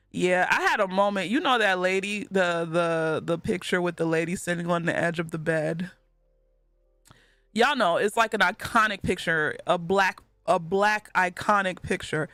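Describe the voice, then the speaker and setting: A woman's voice: lowish voice, a bit bright, clean tone, dry recording. A woman streaming live and reading chat messages aloud, talking in a casual way and laughing often.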